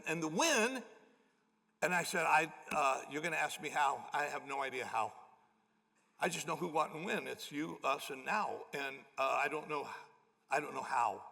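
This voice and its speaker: A man's voice: a little high, creaky. A middle-aged man preaching a sermon as pastor, telling a story and acting out the people in it. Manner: acts out quoted people with lively shifts. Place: church auditorium. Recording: large hall with long reverb.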